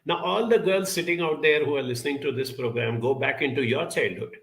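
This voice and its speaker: Man, self-help talk, reflective storytelling, bright tone, gravelly edge. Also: medium pitch, low-quality recording. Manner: storytelling, quoting others in lively voices; unhurried, spoken as if to listeners.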